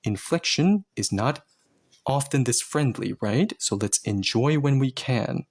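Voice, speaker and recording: A man's voice: medium pitch, lively intonation, unhurried. A man teaching Korean grammar to learners, explaining each step patiently and with a playful touch.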